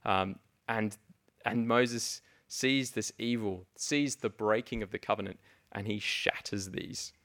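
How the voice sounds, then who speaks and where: A man with a low, gravelly voice teaches through a Bible passage. He reads verses aloud and explains them earnestly, stumbling into restarts and fillers as he goes. The tone is conversational rather than polished. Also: takes it slowly, a bit bright. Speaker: preacher.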